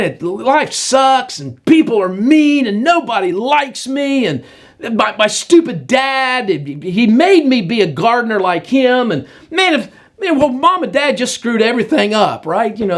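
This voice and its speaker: A man's voice: high voice, very animated, a little slow, pitched above the performer's own voice. Man putting on a whiny sulking Cain. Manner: whiny complaining. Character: sulky self-pitying young man Cain, whining.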